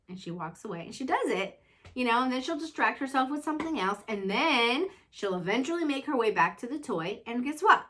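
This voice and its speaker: Earnest, chatty mom sharing reflections. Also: female voice, high-pitched, sing-song, a little fast, a bit bright. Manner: conversational, earnest, self-reflective, leans on "you know". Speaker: mother and show host. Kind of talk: casual reflective chat.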